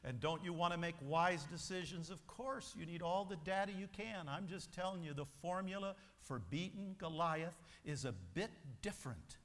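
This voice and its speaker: Animated high-voiced man in a reverberant hall. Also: moderate pace, few pauses. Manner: emphatic, preacher-like storytelling with acted voices. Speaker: motivational speaker. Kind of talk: motivational speech to a convention audience. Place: large convention hall.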